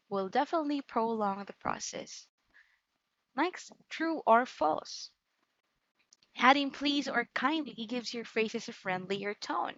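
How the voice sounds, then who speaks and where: A woman with a somewhat high voice runs a call center training session and often pauses to ask "right?" or "okay?". The recording is dry and a little dull, with no room sound behind her. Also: a bit bright, dry recording. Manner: repeatedly checks in with "right?" and "okay?". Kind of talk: online training lesson.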